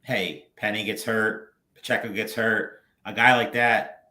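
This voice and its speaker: A low-voiced man co-hosts a casual podcast chat, quick to chime in with firm opinions. His voice carries a roomy echo around it. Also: steady tone, bright, forceful tone. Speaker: podcast co-host.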